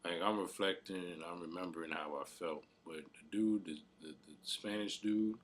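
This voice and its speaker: A man in his late twenties or thirties recounts his music struggles in a loose, rambling podcast monologue. His voice sits extremely low and has a husky edge. He leans on slang and fillers as he talks. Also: normal speed. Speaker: aspiring rapper and podcast host. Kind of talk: casual storytelling monologue.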